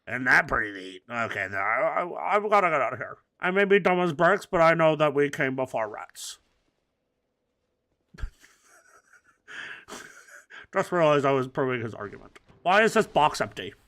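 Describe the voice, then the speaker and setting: A man giving let's play commentary, rambling through absurd, crude jokes and swinging between mumbled asides and loud outbursts. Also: mid-range voice. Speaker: gaming commentator.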